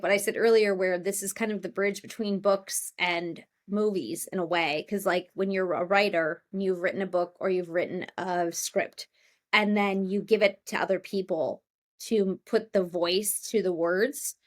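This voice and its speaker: Co-host, woman, mid-range voice, rambling conversational style, casual chat. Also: medium pitch. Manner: rambling, thinks aloud with many fillers and restarts. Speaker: podcast co-host.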